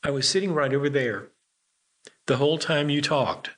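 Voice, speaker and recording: A man's voice: a little high, normal speed, fairly bright tone, lightly acted. Grounded everyday man, reassuring and easygoing, read by a male narrator. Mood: kind, reassuring. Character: calm, friendly grown man who looks out for others.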